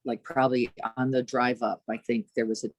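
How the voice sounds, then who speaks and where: A woman meditation teacher gives a lively, searching dharma talk, tossing rhetorical questions to her listeners and acting out inner voices. Her voice is a rumbling low, her pace brisk, and there's no echo.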